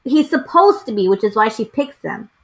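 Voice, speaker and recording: A woman's voice: fairly high pitch, expressive, moderate pace. A woman co-hosting a podcast, chiming in with short remarks in casual chat. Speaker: podcast co-host.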